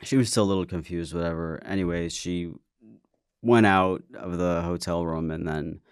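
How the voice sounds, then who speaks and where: A man's voice: low voice, steady tone, normal speed, clear, resonant tone, no room sound, clean studio sound. A man hosting his own show, telling a personal story in a candid, casual way, swearing and stammering as he goes. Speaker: podcast host.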